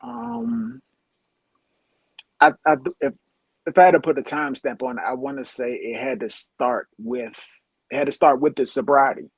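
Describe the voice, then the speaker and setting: A man co-hosting a casual faith podcast, speaking haltingly, repeating himself as he searches for words. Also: medium pitch, vocal fry, breathy edge, dry recording. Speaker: podcast co-host.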